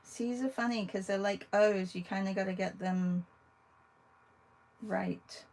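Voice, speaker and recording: A woman's voice: mid-range voice, fairly even intonation, slow pace, darkish tone, rough recording. A woman art teacher chatting casually with viewers while she draws, thinking aloud as she works. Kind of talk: casual livestream drawing demo.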